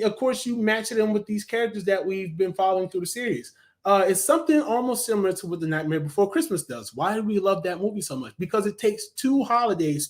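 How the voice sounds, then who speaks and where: A man giving a casual, rambling review of a cartoon, enthusiastic and full of ums and restarts. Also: high-pitched.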